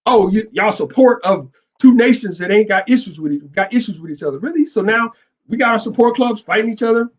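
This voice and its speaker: A middle-aged man with a strikingly high voice rants in a blunt, profane, emphatic way, hammering his points home. The sound is dull and lo-fi, as from a cheap recording. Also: breathy edge. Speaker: motorcycle club commentator. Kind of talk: casual monologue.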